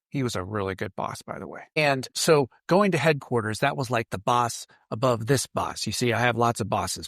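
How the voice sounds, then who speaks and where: A man's voice: mid-range voice, no echo, studio quality. A middle-aged man hosting a podcast, telling a story casually, with fillers and self-corrections. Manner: relaxed, conversational, with frequent fillers and self-corrections. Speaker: podcast host.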